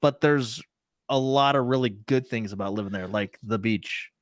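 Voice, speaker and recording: A man's voice: fairly low pitch, moderate pace, no room sound, studio quality. Laid-back man hosting a gaming podcast. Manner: relaxed, lots of filler and uh. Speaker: podcast co-host. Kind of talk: casual gaming podcast chat.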